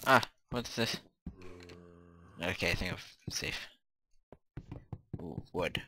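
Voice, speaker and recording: A man giving excitable live commentary over his own gameplay, chatting to himself and yelping when startled. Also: low voice, slow, pauses often, noisy background. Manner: chatty running self-talk. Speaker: video game let's-player.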